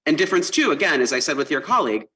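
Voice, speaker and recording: Fast-talking, pressing male judge. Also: on the high side, very animated, bright, forceful tone, slightly rough, poor audio. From Wisconsin. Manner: fast, pressing, argumentative questions. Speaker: appellate judge. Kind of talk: courtroom questioning. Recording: courtroom livestream audio.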